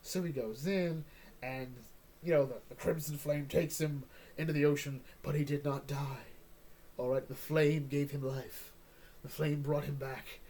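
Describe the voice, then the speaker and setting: A man's voice: a little high, fairly even intonation, unhurried, dark tone. A man hosting a casual comic book chat, joking and rambling, often tagging on "all right?". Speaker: comic book podcast host.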